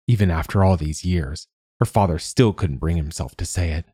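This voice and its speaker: Low, husky male audiobook narrator. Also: normal speed, mellow, dry recording, studio quality. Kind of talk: scripted narration.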